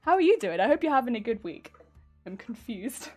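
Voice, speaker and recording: A woman's voice: fairly high pitch, sing-song, fairly quick, a little mellow, faint music behind. A woman streaming from home, chatting casually with viewers while crafting; she giggles often and answers chat playfully. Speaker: livestreamer.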